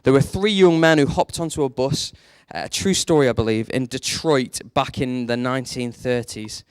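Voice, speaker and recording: A man preaching a sermon, telling a story and leaning on rhetorical questions, his voice jumping up high for emphasis. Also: normal speed, clean tone, dry recording, clean studio sound. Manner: storytelling, animated, rises sharply for emphasis.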